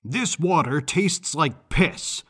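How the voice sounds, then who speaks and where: Man doing a furious brutish strong man, loud bellowing threats, husky slow voice, storybook reading. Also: a little high, expressive, pitched above the performer's own voice, exaggerated voice. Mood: bellowing rage.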